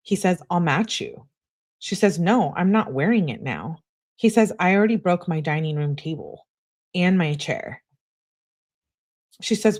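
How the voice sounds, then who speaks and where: A young woman with a low-pitched voice reads text message exchanges aloud in a true crime commentary. She drops in brief asides of her own between the quoted messages. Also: moderate pace.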